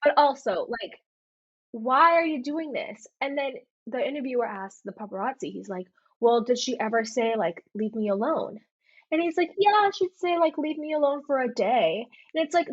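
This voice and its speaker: Chatty young woman, husky and dry. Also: a little high, brisk, no echo, highs cut off. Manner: animated storytelling with many "like" fillers. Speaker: podcast co-host. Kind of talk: casual chat.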